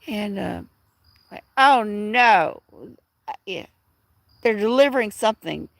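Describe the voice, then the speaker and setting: A woman's voice: medium pitch, animated, takes it slowly, gravelly, a bit bright, no room sound. Chatty woman rambling on a livestream. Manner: rambling, chatty storytelling with many restarts. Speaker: livestream host. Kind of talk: casual livestream chat with viewers.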